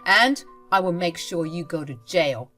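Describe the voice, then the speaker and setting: A woman voicing an angry adult man, a husband and father, who speaks in a stern, forceful way. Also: fairly low pitch, animated, a little slow, faint music behind. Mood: furious.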